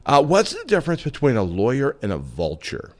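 A man's voice: mid-range voice, fairly quick. A man hosting his own radio show, telling jokes and musing in a casual, reflective monologue. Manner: joking and reflective, lively delivery.

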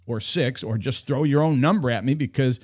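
A man's voice: mid-range voice, fairly quick, darkish tone, slightly rough, no room sound, studio quality. A man hosting a call-in radio show, joking and teasing himself as he chats. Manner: playful, self-mocking banter.

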